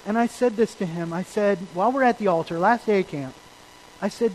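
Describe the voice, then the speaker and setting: Man preaching a sermon, high voice. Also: fairly quick, slight background noise, poor audio. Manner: earnest storytelling, swings between loud emphasis and quiet asides. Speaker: pastor.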